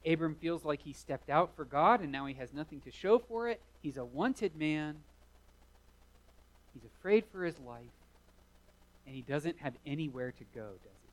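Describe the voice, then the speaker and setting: A man's voice: fairly high pitch, lively intonation, normal speed, rough recording. A man preaching a sermon, retelling a story vividly with rising emphasis. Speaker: pastor.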